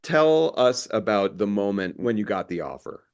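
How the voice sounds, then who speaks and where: A man's voice: on the low side, big pitch swings, normal speed, gravelly, smooth. A man co-hosting a podcast, enthusiastic and hesitant with fillers as he sets up a question. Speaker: podcast co-host. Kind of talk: casual interview chat.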